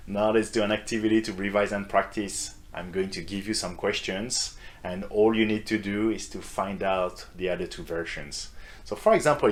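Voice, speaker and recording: Deep-voiced guy teaching a lesson, slow and clear, gets you to repeat after him. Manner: clear, measured, encouraging teacher asking learners to repeat. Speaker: French teacher. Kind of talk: online language lesson.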